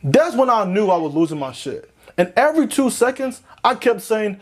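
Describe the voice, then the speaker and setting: A young man telling a comic story in an animated way, swinging between loud panic and low mutters. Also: moderate pace, hardly any pauses. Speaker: comedic storyteller. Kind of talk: comedic skit narration.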